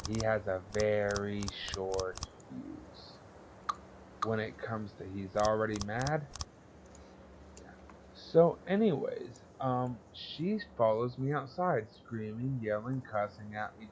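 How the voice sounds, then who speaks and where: A man's voice: lowish voice, takes it slowly, noisy background. A young man casually telling a story on a podcast, blunt and profane, rambling and laughing as he goes. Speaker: podcast co-host.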